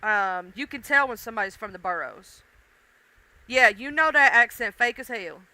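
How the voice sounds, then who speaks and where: Chatting with live viewers on her casual stream, this woman laughs and teases people by name. She speaks at normal speed in a slightly high, bright, forceful voice with lively intonation; the recording is rough but has no echo.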